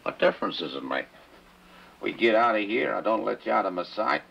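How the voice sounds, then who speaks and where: A man's voice: on the low side, sing-song, a little fast, gravelly, muffled recording, a little hiss or hum, heavily acted. An actor playing a sly, self-serving lawman with a drawl, folksy and persuasive in a film. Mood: prodding. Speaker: deputy sheriff type scheming for whiskey.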